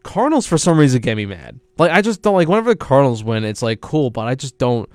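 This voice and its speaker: A man's voice: mid-range voice, big pitch swings, fast talker, no room sound. Young male college radio sports host, rambling and self-correcting, dry close mic. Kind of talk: casual solo sports talk.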